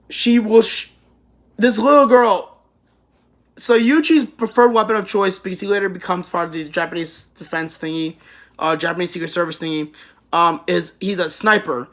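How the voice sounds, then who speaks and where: A woman's voice: medium pitch, fairly bright tone. A woman giving a casual anime review, rambling through the plot with profanity and laughter.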